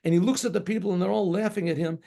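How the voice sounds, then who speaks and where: A man's voice: high-pitched, fairly even intonation, racing, creaky, warm tone. A man, a rabbi, telling a story in a rambling, conversational way and acting out the sounds in it. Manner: rambling, conversational, acts out shofar blasts. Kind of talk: spoken storytelling.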